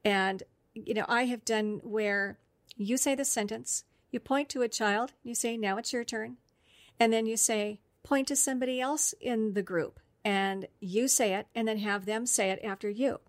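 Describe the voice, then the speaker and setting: A woman's voice: fairly high pitch, fairly even intonation, normal speed, dry recording. Upbeat woman explaining teaching steps. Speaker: speech-language therapist guest. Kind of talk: instructional podcast talk.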